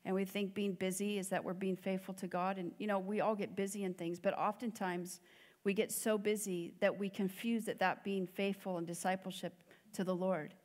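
In a church hall with long reverb, an American woman preaches as a guest, earnest and conversational, with many fillers. Her voice sits in the mid-range and has a darkish tone.

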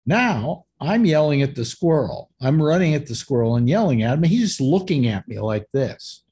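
Husky new guy telling a story on a chat show, voice bouncing up and down. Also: mid-range voice, normal speed. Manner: animated storyteller, shouts quoted lines. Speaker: host.

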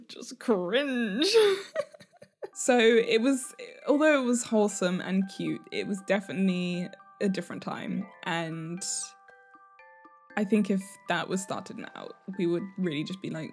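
A woman's voice: mid-range voice, normal speed, darkish tone, faint music behind. A woman vlogger chatting casually, giggling often as she talks. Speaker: fashion vlogger. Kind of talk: casual chat.

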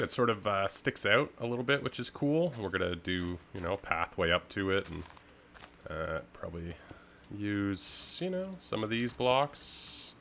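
A man's voice: deep voice, bright, forceful tone, slight background noise. A young man, rambling easily through casual game commentary with lots of filler words. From Canada. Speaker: gaming video host.

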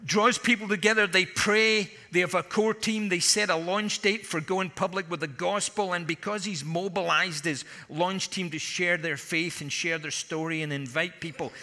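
A man preaches at a conference, mixing punchy jokes into his stories. His voice sits high and sounds very bright and sharp. It rings out through a large hall with a long reverb tail. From Scotland. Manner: humorous storytelling with punchy asides. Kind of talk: conference sermon.

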